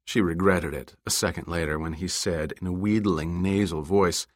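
A man narrating an audiobook in a steady, measured way. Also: sits low, no echo. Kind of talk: scripted narration.

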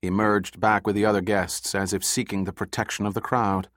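A man narrating an audiobook in a steady, measured scripted reading. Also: lowish voice, no echo, clean studio sound.

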